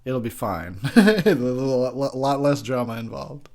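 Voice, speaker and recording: Tipsy, ranting man with a lively pitch. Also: slow pace. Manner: profane, ranting, laughs a lot. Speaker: host. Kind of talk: drunk movie commentary.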